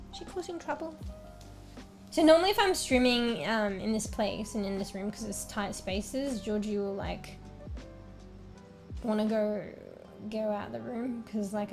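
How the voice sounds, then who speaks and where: A young woman with an Australian accent, chatting casually with her stream viewers. She rambles, fills her talk with fillers, and her voice is slightly worn. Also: medium pitch. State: slightly losing her voice, clearing her throat. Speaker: livestreamer. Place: small room at home.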